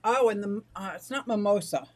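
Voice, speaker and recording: A middle-aged woman from the United States, out of breath and excitable, chatting casually on a livestream about her fish and greeting viewers. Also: medium pitch, a little fast, low-quality recording. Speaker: aquarium and exotic pet livestreamer.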